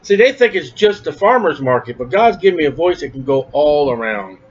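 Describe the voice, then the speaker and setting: High-voiced forceful male preacher. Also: animated, brisk, husky. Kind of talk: sermon. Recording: dull lo-fi recording.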